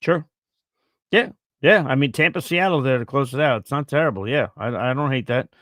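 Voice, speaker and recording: A man's voice: mid-range voice, a little fast, a bit bright, no room sound. Laid-back guy chatting fantasy football, dry close sound, mid voice. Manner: easygoing, thinks aloud with fillers. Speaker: fantasy football show co-host. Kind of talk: casual live-stream chat reading viewer questions.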